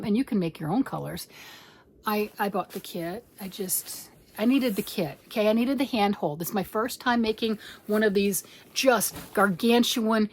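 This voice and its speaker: A woman chatting casually as she unboxes a yarn kit, excitable and rambling, with sudden whispered asides. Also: medium pitch, slight background noise. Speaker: crochet vlogger.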